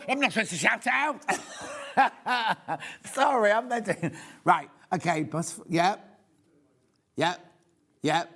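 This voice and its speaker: A man's voice: a little high, fairly bright tone. A middle-aged man presenting a live shopping show, chatty and rambling, poking fun at himself as he reads out viewer questions. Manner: chatty, rambling, self-deprecating.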